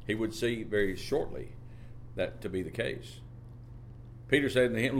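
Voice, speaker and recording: A man preaching a sermon, drawing out phrases and lifting his pitch on key words, reading scripture in old-fashioned wording. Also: normal speed, slight background noise. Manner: reads scripture in King James wording.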